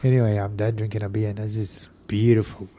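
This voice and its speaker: A man from Brazil with a Brazilian Portuguese accent, a podcast guest telling animated stories, laughing often and swearing freely. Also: fairly low pitch, fast talker, a little hiss or hum. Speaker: podcast guest, jiu-jitsu coach. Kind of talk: casual storytelling chat.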